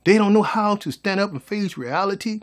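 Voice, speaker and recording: A man's voice: high-pitched, fairly quick. A man giving a folksy, preachy motivational monologue as a vlogger.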